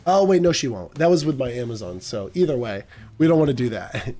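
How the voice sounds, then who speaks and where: A man's voice: mid-range voice, lively intonation, a little fast, warm tone. A man streaming a game, rambling through casual commentary with joking asides.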